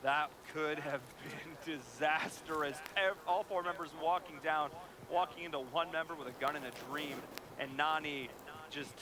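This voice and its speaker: A man from Canada casting an esports match, quick play-by-play calls that rise to shouts. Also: on the high side, steady tone. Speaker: esports caster. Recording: broadcast with crowd noise.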